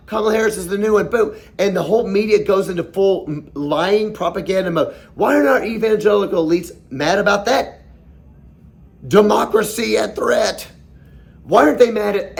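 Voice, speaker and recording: Impassioned high-pitched gravelly man host. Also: a little mellow. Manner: impassioned, rhetorical questions, mocking put-on quotes. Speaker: podcast host. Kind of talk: opinionated commentary monologue.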